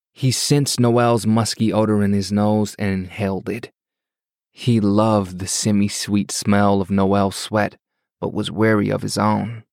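A man reading a novel aloud as the narrator of a serialized audiobook, in a measured, even storytelling delivery. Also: lowish voice, dry recording, clean studio sound.

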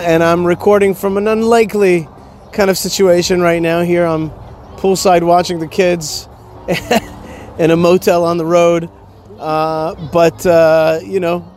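A man's voice: a little high, a little mellow, a little hiss or hum. A male show host telling a story in a casual monologue, talking from poolside at a motel, with fillers as he goes.

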